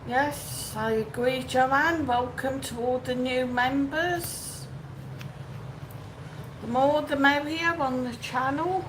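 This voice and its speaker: A woman hosting a relaxed live stream and reading out viewers' comments. Her voice sits high and she takes her time, greeting people by name. A faint noise hums under the recording. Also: takes it slowly. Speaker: livestream host. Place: outdoors or home in Benidorm.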